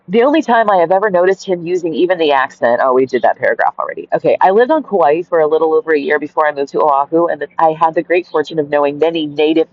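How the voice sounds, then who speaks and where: A woman's voice: deep voice, no echo. Woman storyteller, digressive and chatty, lots of "like" and "right?", dry close mic, dull lo-fi sound. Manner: digressive, giggly, many "like" and "right?" fillers. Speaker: storyteller reading and commenting on her own anecdote. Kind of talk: casual reading with rambling asides. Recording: dull lo-fi home recording.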